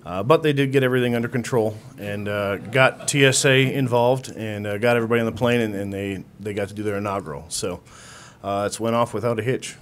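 A man's voice: lowish voice, a little fast. A man giving a plain update at a city council meeting, with frequent filler uhs. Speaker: city official reporting on an airline service.

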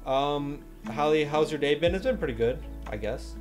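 A man's voice: on the high side, animated, moderate pace, soft background music. A young man casually chatting on a livestream, joking, using slang and reading chat messages aloud.

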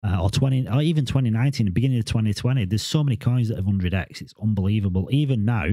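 A man in his forties rambles through a casual vlog monologue, stumbling over repeated words. His voice sits fairly low, with a warm, mellow tone. The sound is close and dry. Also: racing, no echo. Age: 40s. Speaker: crypto vlogger.

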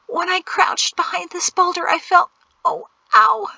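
A woman's voice: normal speed, vocal fry, bright, forceful tone, no room sound, dull audio, full character voice. A woman voicing a panicky, whining young woman in an audiobook, whimpering and complaining. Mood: whiny, panicked. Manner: whimpering, high-strung and complaining. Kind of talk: audiobook character voice.

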